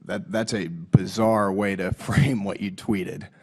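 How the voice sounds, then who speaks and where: A man with a hoarse voice from a cold, a lawmaker questioning a witness at a hearing in blunt, pointed questions and reading quotes aloud. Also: low-pitched, fairly even intonation, slow pace, a little mellow. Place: hearing room.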